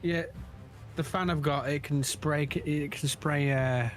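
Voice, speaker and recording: A man's voice: a little high, fairly even intonation, a little slow, soft background music. A man on a voice call, talking in a rambling, joking way about his setup through a directional desk mic. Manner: rambling, jokey, self-mocking. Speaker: friend on a voice call. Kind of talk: casual livestream chat. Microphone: directional desk mic over voice chat.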